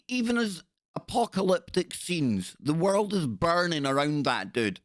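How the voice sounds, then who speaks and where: A man's voice: a little high, sing-song, measured pace, no room sound. Sarcastic male show host, dry close mic. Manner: indignant, sarcastic, repeats himself. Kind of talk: live-show commentary on video clips.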